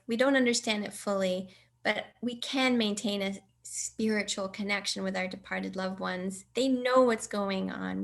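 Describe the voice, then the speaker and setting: A middle-aged woman giving a personal storytelling talk, acting out quoted dialogue with lively jumps in her voice. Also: vocal fry. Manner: animated, acts out quoted dialogue with pitch jumps. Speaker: speaker.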